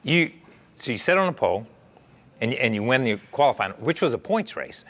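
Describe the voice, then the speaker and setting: A man hosting an interview, asking eager, rambling questions and often answering with a quick "yeah.". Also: mid-range voice, sing-song, a bit bright. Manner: eager, filler-heavy questions with frequent "yeah" backchannels. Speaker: interview host. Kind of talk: casual interview chat.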